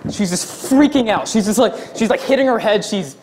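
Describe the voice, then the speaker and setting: A man's voice: high voice, a little fast, noisy background. A young man performing a stand-up comedy routine, telling a long workplace story and acting out the people in it. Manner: storytelling, acts out quotes in his own voice.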